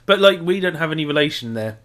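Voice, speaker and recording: A man's voice: a little high, animated, fast talker, a bit bright. A man co-hosting a podcast, chatting casually and cutting in with comments. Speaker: podcast co-host. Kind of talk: casual chat.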